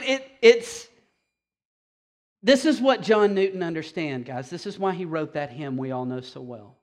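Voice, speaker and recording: A high-voiced man preaching a sermon, talking to the congregation in a casual way with rhetorical questions. He moves between loud, emphatic stretches and slow, hushed ones. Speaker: pastor.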